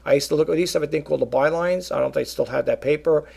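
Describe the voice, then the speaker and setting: A middle-aged man talks casually to his viewers in a rambling way, dotting his talk with fillers and calling them folks. His voice sits a little high and is heavily gravelly with fry throughout. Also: racing, a little mellow. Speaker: vlogger and eBay reseller.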